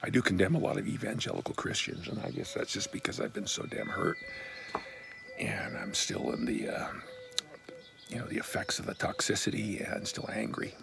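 A pastor telling a personal story in a relaxed, blunt, conversational way. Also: male voice, low voice, moderate pace, vocal fry, slight background noise.

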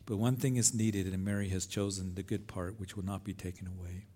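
A man's voice: sits low, little pitch movement, fairly quick, warm tone. A middle-aged man preaching a sermon as pastor at an outdoor service, earnest and emphatic, with rising phrases.

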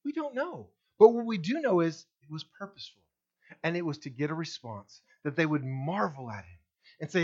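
A male pastor preaching a sermon to his congregation, animated, with big swings between loud and quiet and frequent direct questions to the listeners. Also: moderate pace, muffled recording. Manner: animated preaching with wide swings in pitch and loudness.

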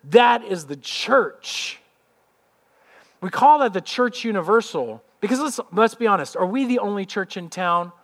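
High-voiced man preaching conversationally. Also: expressive, a little slow, fairly bright tone. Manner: conversational preaching with rhetorical questions. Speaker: pastor. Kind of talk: sermon.

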